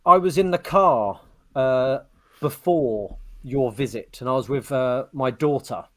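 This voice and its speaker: A man's voice: medium pitch, unhurried. Rambling man telling stories. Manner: rambling storyteller, animated retelling of quotes. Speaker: podcast co-host. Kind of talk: casual chat.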